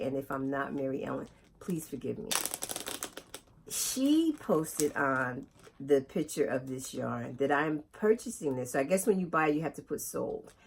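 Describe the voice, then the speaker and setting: A woman chatting casually to her viewers in a knitting vlog, animated and talking straight to her audience. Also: very deep voice, vocal fry, slight background noise. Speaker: knitting vlogger.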